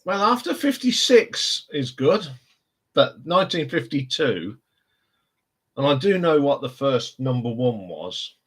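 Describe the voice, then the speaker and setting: A man's voice: mid-range voice, very animated, a little slow, fairly bright tone, breathy edge. A man with a Northampton accent, hosting a casual live stream chat and rambling with frequent laughs. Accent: Northampton English. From England. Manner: chatty, rambling, laughs often.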